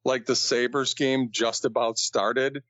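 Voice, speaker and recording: A man's voice: medium pitch, level tone, slow, fairly bright tone, no echo, highs cut off. Laid-back man joking about himself. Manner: self-deprecating, laid-back. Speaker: podcast co-host. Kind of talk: casual chat.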